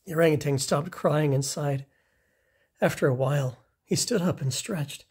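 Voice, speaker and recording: A reader reading a children's picture book aloud, slow and expressive. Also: mid-range voice, husky. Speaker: storybook reader. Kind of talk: children's story read-aloud.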